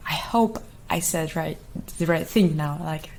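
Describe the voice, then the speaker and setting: Woman talking asmr style, russian is her first language, super slow, giggles a lot, bit of hiss behind. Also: deep voice, gravelly, low-quality recording. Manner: giggly, rambling, drifts between soft voice and whisper. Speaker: ASMR creator. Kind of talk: soft-spoken ASMR chat.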